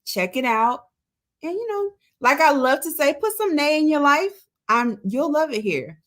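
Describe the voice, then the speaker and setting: A woman's voice: sits high, moderate pace. A woman guest on a podcast who is an author, casually plugging her social media, her book and her own show, with many fillers. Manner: relaxed, self-promoting, with frequent fillers.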